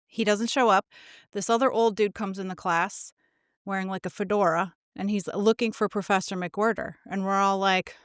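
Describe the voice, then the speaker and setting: A woman's voice: medium pitch, steady tone, normal speed, smooth, no echo, studio quality. A middle-aged woman co-hosting a podcast, telling a story in casual chat and acting out the quotes with swearing. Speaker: podcast co-host.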